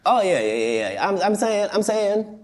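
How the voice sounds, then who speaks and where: A male comedian, appearing as an interview guest, speaks assertively and matter-of-factly while rambling through his points. His high voice has a sing-song lilt at normal speed, heard over a noisy crowd.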